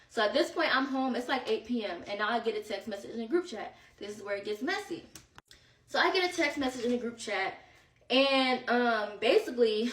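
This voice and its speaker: Young woman host, casual slangy storyteller, higher pitch, echoey room sound. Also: lively intonation, brisk, fairly bright tone, distant mic, slight background noise. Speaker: podcast host. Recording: roomy echo, set back from mic.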